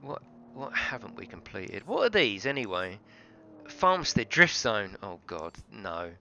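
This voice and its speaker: A man's voice: fairly low pitch, very animated, a little slow, vocal fry, sharp tone, muffled recording. Sweary, chatty man streaming a game. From United Kingdom. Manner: chatty, swears freely, greets chat viewers, laughs a lot. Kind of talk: live gameplay stream commentary. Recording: game sound and noise behind voice. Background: racing game audio.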